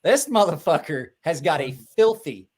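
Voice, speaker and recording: A man hosting a livestream, chatting casually and cursing freely. His voice sits high for a man and swings widely in pitch, and he rambles, restarting his sentences as he goes. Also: normal speed, slightly rough. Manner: animated, profane, rambling with restarts. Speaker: livestream host.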